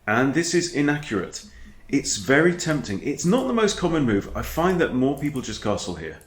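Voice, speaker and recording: Chess coach chatting through his game, animated, sounds a bit roomy. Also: mid-range voice, moderate pace. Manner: chatty, animated, breaks off to scold his dog. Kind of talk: casual game commentary. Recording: echoey room.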